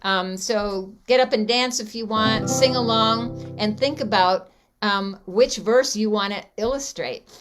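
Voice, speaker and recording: A woman's voice: mid-range voice, a little slow. A woman guest song leader chatting on a video call, introducing a song with frequent ums. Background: guitar music.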